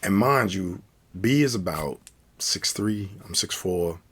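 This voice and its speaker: An American man telling a story from a night out in a casual, slangy, animated way. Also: low voice, slow pace, breathy edge. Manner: animated, slangy, acts out quoted speech. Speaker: storyteller, channel host.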